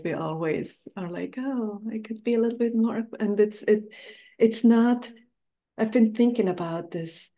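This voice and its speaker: A woman with a dark, mid-range voice hosts a podcast, chatting casually with an interview guest. She affirms what her guest says and often tacks on "right?"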